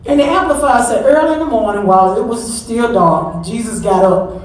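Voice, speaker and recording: A woman's voice: a little high, normal speed, darkish tone. Middle-aged woman preaching in echoey church. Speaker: pastor's wife preaching. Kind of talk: Mother's Day sermon. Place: large church sanctuary. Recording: echoey church sanctuary, distant mic.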